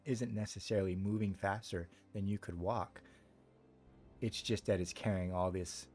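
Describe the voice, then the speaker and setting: A man's voice: fairly low pitch, a little mellow. A man as game master, narrating a tabletop role-playing scene in a meandering, descriptive way with many fillers.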